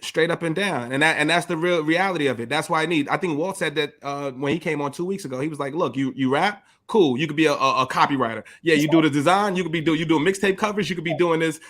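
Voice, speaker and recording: A young man co-hosting a podcast, talking in an animated, slangy, emphatic way in casual chat. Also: fairly high pitch, fast talker, hardly any pauses. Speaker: podcast co-host.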